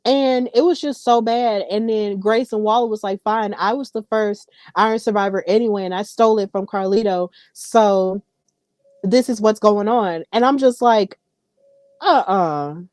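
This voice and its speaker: A woman hosting a podcast, giving casual, animated and opinionated commentary aimed straight at her listeners. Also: medium pitch, normal speed, no room sound, clean studio sound. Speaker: podcast host.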